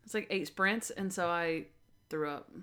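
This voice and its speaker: A young woman in casual podcast chat, animatedly retelling TV scenes and acting out quotes. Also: measured pace. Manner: animated, acts out quotes with big pitch jumps. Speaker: podcast co-host. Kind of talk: casual chat recapping a TV show.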